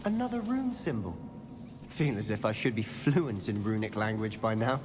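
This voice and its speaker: A man's voice: lowish voice, lively intonation, moderate pace, close to an everyday voice. An actor voicing a wry young male wizard student in a video game, making dry, teasing remarks. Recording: game audio with roomy reverb and loud score.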